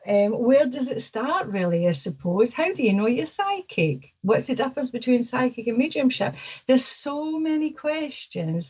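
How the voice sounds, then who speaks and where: A woman's voice: on the high side, darkish tone, breathy edge, muffled recording. A woman explaining psychic experiences in a casual, rambling way, full of fillers and asides. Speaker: psychic guest.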